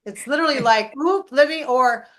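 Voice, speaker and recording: A middle-aged woman, a life coach and podcast host, talking in a casual, animated way and often checking in with "right?". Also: high voice, normal speed. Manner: animated, keeps adding "right?".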